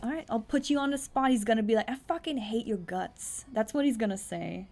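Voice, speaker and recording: Raspy young woman streaming a text game. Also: a little high, darkish tone. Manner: reads story text fast, breaks in with blunt incredulous asides and swearing. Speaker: streamer playing a text adventure. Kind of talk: casual live-stream commentary, reading game text aloud.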